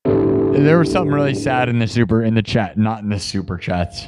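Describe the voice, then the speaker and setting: A man's voice: lowish voice, expressive, a little fast. A man hosting a live music stream, chatting casually, goofing around and reading viewer comments aloud. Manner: goofy, joking, reads viewer comments aloud. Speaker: livestream host and improvising musician. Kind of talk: casual livestream chat.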